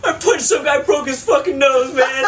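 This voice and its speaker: A man putting on the high, whiny voice of a panicked drunk young man who got into a fight, recorded from a distance. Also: moderate pace, a bit bright, slight background noise. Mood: distraught.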